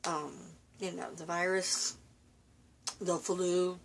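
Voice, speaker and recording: A tired woman rambling in a personal vlog from a room at home, halting and confiding, full of fillers and restarts. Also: fairly low pitch, flat delivery, vocal fry, slight background noise. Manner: weary, confiding. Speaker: vlogger.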